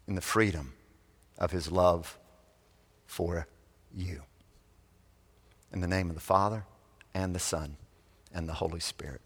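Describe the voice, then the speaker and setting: A man preaching a sermon, telling a story that swells loud and then drops to a hush. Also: deep voice, big pitch swings, slow, long pauses, breathy edge. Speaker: pastor. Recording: long reverb of a large hall.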